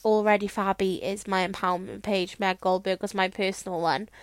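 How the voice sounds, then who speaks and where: A woman's voice: mid-range voice, steady tone, fairly quick, no room sound. Chatty welsh gal rambling on her podcast from bed, dry close sound. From Wales. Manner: rambling, chatty and self-deprecating. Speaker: podcast host. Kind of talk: casual chat. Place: bedroom, lying on her bed. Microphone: microphone.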